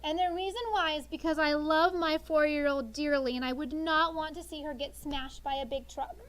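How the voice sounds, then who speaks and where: A lively sixth-grade teacher in her thirties coaxes answers out of her class in call-and-response fashion. She has a high voice and an ordinary speaking speed.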